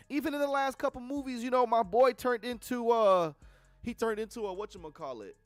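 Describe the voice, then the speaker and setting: A man's voice: very high voice, a little fast, smooth, no room sound, soft background music. A young man giving a casual, profane film review on a livestream, blunt and full of slangy asides. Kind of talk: casual movie review rant.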